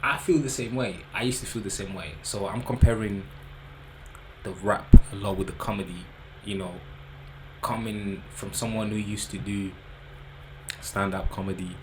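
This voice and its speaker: A man's voice: lowish voice, fairly even intonation, moderate pace, pauses often. A man, hosting a reaction video in a loose, joking commentary with slang. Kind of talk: casual commentary. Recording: background noise.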